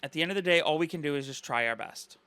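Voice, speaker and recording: A man's voice: on the high side, rapid-fire, sharp tone, clear, resonant tone, no room sound. A man giving casual reaction commentary, talking earnestly and rambling with lots of "you know" and "like".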